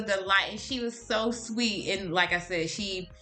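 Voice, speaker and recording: A woman vlogger telling a story straight to her viewers, chatty and full of animated exclamations. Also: mid-range voice, unhurried, soft background music. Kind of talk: casual storytelling to the camera.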